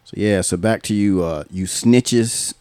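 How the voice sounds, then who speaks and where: A man's voice: lowish voice, animated, takes it slowly, dark tone, no room sound. A man hosting a podcast, telling a long story in a casual, profane way and laughing often. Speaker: podcast host.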